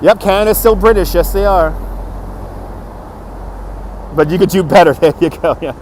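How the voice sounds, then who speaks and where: A man's voice: high voice, normal speed, darkish tone. Chatty man livestreaming on a city street. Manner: upbeat, chuckles often, greets chat by name. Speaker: livestream host. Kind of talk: live walking stream, chatting with viewers. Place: outdoors on a city waterfront street. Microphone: phone on a handheld gimbal. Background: faint city traffic.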